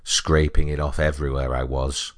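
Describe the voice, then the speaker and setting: A man's voice: a bass voice, flat delivery, moderate pace. A man voicing a nervous, chatty retired male janitor who talks in a folksy, plainspoken way.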